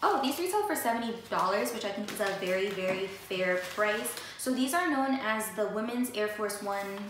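A woman's voice: medium pitch, lively intonation, moderate pace. A young woman vlogger chatting casually and with lots of energy, talking straight to her viewers about her new sneakers. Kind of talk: casual sneaker haul chat. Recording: echoey room with faint noise.

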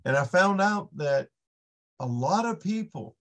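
Acting out each character's voice, a ministering guest on a faith podcast tells a personal story in an unhurried, casual testimony. He sounds high-pitched, animated and fairly bright.

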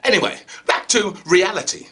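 A man's voice: high-pitched, normal speed, sharp tone. A male actor with a received pronunciation accent, hosting his channel with a chatty, theatrical comic monologue. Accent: British received pronunciation.

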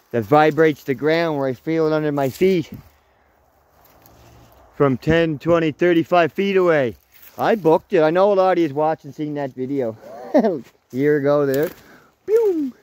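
A man in his thirties vlogging while hiking through the woods, excitable and swearing freely, talking to his dog as he goes. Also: fairly high pitch, moderate pace. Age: 30s. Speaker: outdoors vlogger. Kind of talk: casual walking vlog. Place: outdoors in woods.

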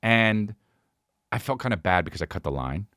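A man hosting a podcast, telling a rambling, swearing story in casual chat with animated impressions. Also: lowish voice, moderate pace, dry recording, clean studio sound. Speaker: podcast host.

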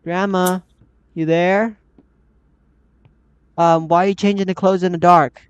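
A man's voice: high-pitched, flat delivery, a little slow, clean tone, no room sound. Jumpy man with a cracking voice. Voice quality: voice cracks upward often. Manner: jumpy, talks to himself and the game characters. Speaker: gaming channel host. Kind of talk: casual horror gameplay commentary. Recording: slightly dull lo-fi mic.

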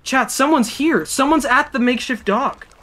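A streamer giving excitable, chatty live gameplay commentary, talking to chat and reading game text aloud. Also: high voice, normal speed.

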